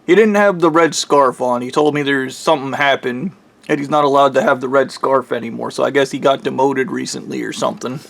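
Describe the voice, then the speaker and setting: A man's voice: mid-range voice, fairly quick, vocal fry, a bit bright. A man casually recounting a dream in a rambling monologue, swearing heavily and sounding frustrated.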